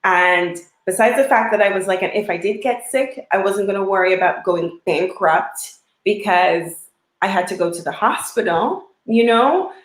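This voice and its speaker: A woman's voice: medium pitch, moderate pace, roomy sound, low-quality recording. A woman from the United States, a guest on a live chat, talking casually and laughing easily as she trails off mid-sentence. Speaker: guest, lives in Italy.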